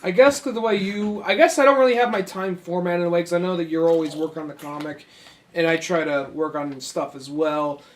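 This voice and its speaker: A man co-hosting a podcast in casual chat, animated and quick to act out characters as he talks. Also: fairly high pitch, slight background noise. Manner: animated, acts out characters mid-sentence. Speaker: podcast co-host.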